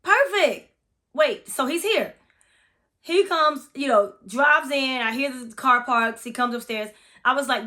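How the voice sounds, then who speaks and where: A bright, fairly high-voiced woman from Florida recounts an eerie experience in a casual vlog. Her storytelling is chatty and dramatic, with plenty of cursing thrown in. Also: unhurried. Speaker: massage therapist.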